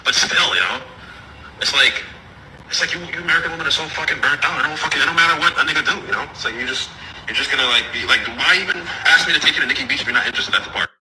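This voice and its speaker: A man's voice: on the high side, racing, heavy background noise. A man ranting angrily on a phone call, profane, aggressive and bitter. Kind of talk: angry phone rant.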